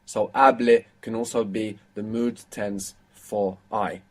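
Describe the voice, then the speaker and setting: A man's voice: fairly low pitch, steady tone, slow pace. Patient man teaching grammar. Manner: patient, explanatory, quizzing students. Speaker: language teacher. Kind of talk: live online language lesson.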